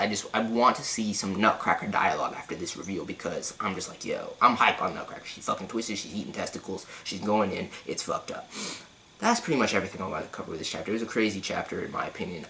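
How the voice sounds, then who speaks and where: A man giving a casual, excitable manga chapter review, full of slang and swearing, swinging between loud outbursts and hushed asides. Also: lowish voice, a little hiss or hum, poor audio.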